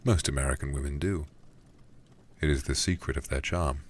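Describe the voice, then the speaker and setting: A languid, ironic young aristocrat trading dry quips in a soft whispered role-play, as a man plays him. The voice is extremely deep and unhurried. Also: a little hiss or hum. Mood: wry. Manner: cool, ironic and epigrammatic.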